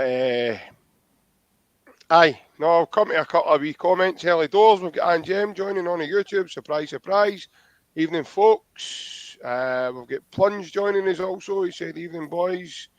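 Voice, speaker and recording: A man's voice: fairly high pitch, no echo. A man with a Scottish accent, hosting a casual football podcast in a chatty, friendly way and laughing easily. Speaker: podcast host. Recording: dull lo-fi dry audio.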